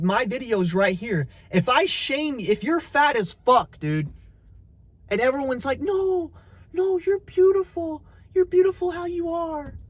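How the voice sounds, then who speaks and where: A young man delivers a preachy motivational rant straight at the listener. His voice sits high and sounds dry, with no room around it. He swears bluntly and keeps calling the listener "bro" and "brother.". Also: fairly bright tone, dry recording. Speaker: motivational content creator.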